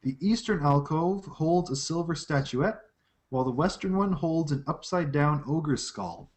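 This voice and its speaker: A man running a tabletop game as game master, describing scenes in a lively storytelling way. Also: a little high, moderate pace.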